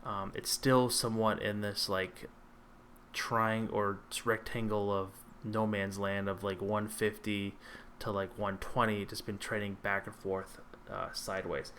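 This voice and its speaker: A man with a fairly low voice talks through viewer questions in a loose, conversational livestream. He hesitates often, filling gaps with ums and restarting sentences. A faint background noise sits under the desk-mic recording. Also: little pitch movement, unhurried, fairly bright tone. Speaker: stock trading livestream host. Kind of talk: casual livestream chat answering viewer questions.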